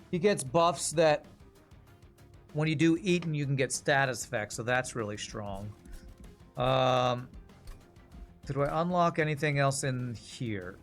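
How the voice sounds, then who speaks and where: A man from Texas streaming a video game, thinking aloud in a rambling, casual way with many fillers. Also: fairly high pitch. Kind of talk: casual gameplay commentary.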